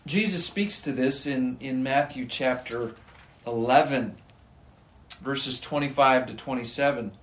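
Male preacher, earnest and emphatic, unhurried delivery, reverberant room. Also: medium pitch. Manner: earnest, slow and emphatic, reads scripture aloud. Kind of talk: sermon. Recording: echoey room.

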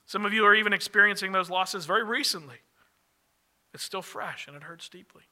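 A male pastor delivering a sermon in an earnest way, slowing and dropping to a soft, quiet voice on key phrases. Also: high voice. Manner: earnest, slows and drops softly on key phrases.

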